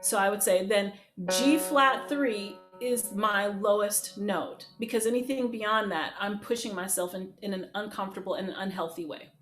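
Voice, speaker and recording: A woman's voice: mid-range voice, moderate pace, few pauses, fairly bright tone, faint music behind. A woman voice teacher leading an online group lesson, upbeat and encouraging, talking to people in the chat. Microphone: video call. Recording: echoey room with keyboard.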